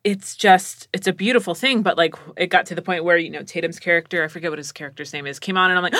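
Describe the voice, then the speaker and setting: A woman voice actor in casual chat, talking quickly and acting out the people she quotes. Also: on the low side, no room sound, clean studio sound. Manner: chatty, animated, acts out quoted voices.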